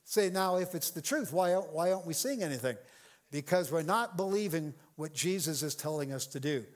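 A man preaching a sermon with a bright, high voice that leaps up and down constantly. He acts out quoted voices and jokes with the congregation as their pastor. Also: expressive, normal speed. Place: church sanctuary with congregation.

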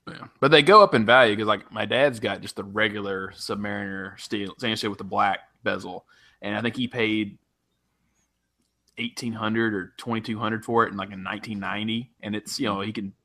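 A man co-hosting a podcast in quick, teasing casual chat. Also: lowish voice, steady tone, sharp tone. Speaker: podcast co-host.

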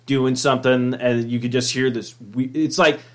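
A man's voice: medium pitch, fairly even intonation, normal speed. A man co-hosting a casual movie discussion, rambling with lots of fillers and swearing. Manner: rambling, filler-heavy, profane.

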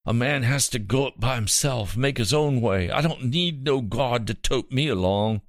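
Storybook role: a man playing a gasping, wheezing old mountain man on his deathbed, gravelly and low, close and dry. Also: normal speed, dry recording, natural voice. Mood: defiant. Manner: wheezing, gasping, rough country talk. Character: dying old mountaineer man, godless, frightened.

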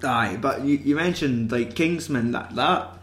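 Young Scottish guy, mid-pitched, sweary and rambling, echoey room. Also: a little slow. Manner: rambling, sweary, animated storytelling. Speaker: podcast co-host. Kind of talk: casual chat. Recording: roomy echo.

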